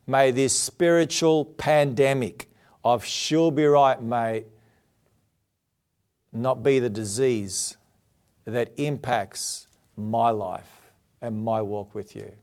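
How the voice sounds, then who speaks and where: A man's voice: medium pitch, slow pace, a little mellow. A male preacher giving a televised sermon, earnest and emphatic, asking rhetorical questions. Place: TV studio.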